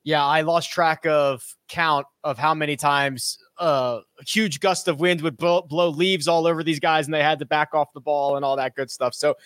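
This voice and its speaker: A man with a high, light voice hosts a sports podcast in a brisk, upbeat way. The sound is close and dry, with no room around him. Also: steady tone, a bit bright, clear, resonant tone, no room sound. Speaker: podcast host. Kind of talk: casual golf podcast chat.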